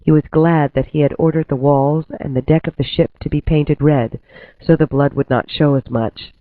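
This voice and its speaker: A man reading a history story aloud in steady, clear scripted narration. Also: a little high, normal speed, no echo. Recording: tinny phone-like dry recording.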